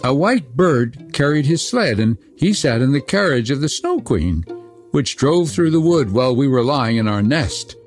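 A man voicing cooing wood pigeons in a slow, sing-song way. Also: medium pitch, big pitch swings, soft background music, voice pushed up, close to an everyday voice.

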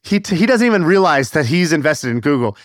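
A man hosting a podcast, telling stories in a lively, swearing, casual way with lots of fillers. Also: a little high, quick pace, no room sound, clean studio sound. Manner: animated, profane storyteller with many fillers. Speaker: podcast host. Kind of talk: casual storytelling chat.

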